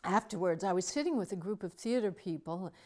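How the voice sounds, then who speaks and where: An older woman telling a personal story in a wry, dramatic way, soft music behind her. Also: medium pitch, a little fast. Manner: wry, dramatic, with acted asides.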